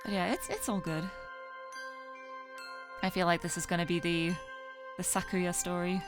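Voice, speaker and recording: A woman's voice: fairly low pitch, steady tone, music in the background. Chatty woman streamer. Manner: chatty, quick asides. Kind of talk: live-streamed game reading.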